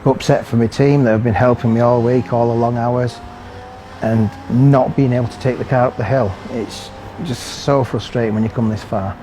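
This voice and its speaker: A man's voice: medium pitch, fairly even intonation, moderate pace, dark tone, slight background noise. A man, a race driver, speaking with determination and frustration in an interview. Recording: music underneath.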